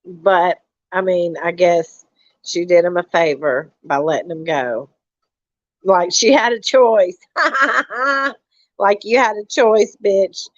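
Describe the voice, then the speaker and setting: A woman's voice: fairly low pitch, lively intonation, takes it slowly, pauses often, no room sound. A woman on a live stream talking angrily and profanely to her viewers, repeating herself and calling them y'all. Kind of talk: casual ranting live stream. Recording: dull lo-fi dry sound.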